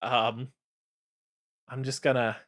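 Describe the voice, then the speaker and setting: A man's voice: mid-range voice, little pitch movement, slow pace, a bit bright. A man voicing a clever male dragon who talks in a casual, chatty way. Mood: scheming.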